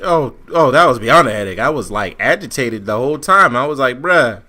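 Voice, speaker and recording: A man co-hosting a casual wrestling podcast, animated and profane, often laughing as he rants. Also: mid-range voice, a little fast, a crowd in the background. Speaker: podcast co-host.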